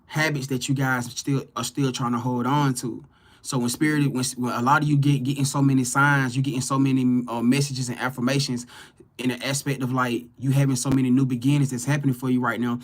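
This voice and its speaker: A man reading tarot cards live for his viewers, talking loosely and animatedly with slang, repetition and swearing. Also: mid-range voice. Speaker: tarot reader on a live stream. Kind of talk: casual spiritual talk to viewers.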